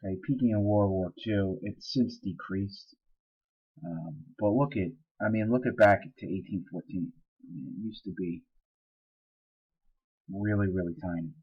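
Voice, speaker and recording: A man's voice: deep voice, moderate pace, husky, lo-fi sound. A man teaching social studies in a casual, explanatory recorded lecture, with fillers and asides.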